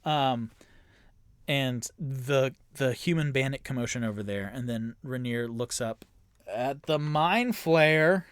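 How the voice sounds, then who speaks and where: A man's voice: mid-range voice, slow, smooth, no echo. A man narrating a tabletop game alone as game master and player, rambling with many fillers and bursting into groans of dread. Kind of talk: solo tabletop actual-play narration.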